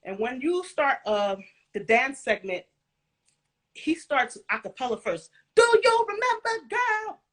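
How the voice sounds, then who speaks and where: A woman telling animated stories in a casual interview chat, laughing often and using casual slang. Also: sits high. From Caribbean and Central American family background. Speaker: guest, former music video dancer.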